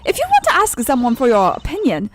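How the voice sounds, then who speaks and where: A woman's voice: high-pitched, huge pitch swings, fast talker, faint music behind, pitched above the performer's own voice, exaggerated voice. A woman voicing a haughty, competitive young female prosecutor with a German accent, reading video game dialogue aloud in an imperious, scornful manner. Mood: condescending.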